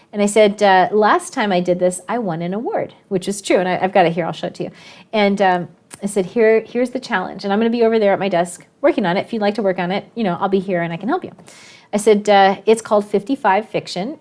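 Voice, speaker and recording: A woman teacher telling a classroom story in a casual, lively way, often laughing and acting out the voices of her students. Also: mid-range voice.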